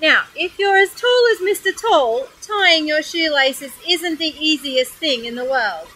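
Australian woman, storyteller, high bright voice, animated picture book reading. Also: measured pace, rough recording. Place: outdoors by a waterfall.

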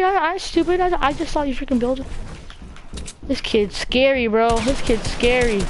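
A woman with a fairly high voice chats casually while gaming beside a kid. She teases, trash-talks and barks rapid repeated commands, her excitement running high. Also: a little hiss or hum. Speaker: gamer playing alongside a child. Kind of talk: casual gameplay chat.

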